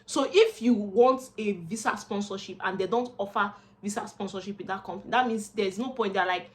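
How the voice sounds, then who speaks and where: A young woman with a Nigerian accent, chatting casually to camera as a vlogger and job seeker, expressive and slipping into Pidgin asides. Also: mid-range voice, brisk.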